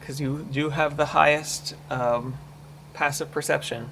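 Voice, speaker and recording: A man running a tabletop game as game master, narrating slowly with frequent ums and pauses. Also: fairly high pitch, steady tone, creaky, a bit bright, slight background noise. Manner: measured, deliberate narration with many ums.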